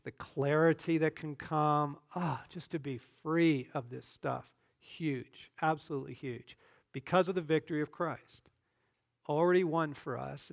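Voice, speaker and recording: Male pastor, sermon, gravelly voice, earnest declarations, leading prayer. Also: a little high.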